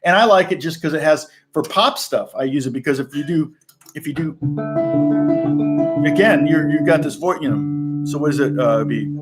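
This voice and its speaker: A man's voice: a little high, moderate pace. A man chatting loosely as a session guitarist answering viewer questions, telling stories with lots of fillers and restarts. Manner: loose and anecdotal, many fillers and restarts, demonstrates on guitar between phrases. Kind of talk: casual rambling chat. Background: guitar playing.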